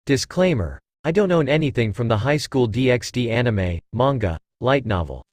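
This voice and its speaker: A man's voice: mid-range voice, expressive, normal speed, darkish tone, dry recording. A man narrating a fanfiction story, chatting briefly before reading. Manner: chatty author's notes, then plain narration.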